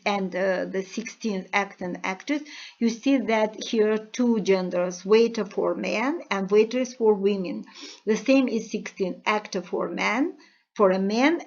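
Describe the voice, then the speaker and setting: An English teacher works through a textbook, explaining grammar and vocabulary very slowly and deliberately with frequent pauses. Her voice sits at a middle pitch, and the recording sounds dull and lo-fi.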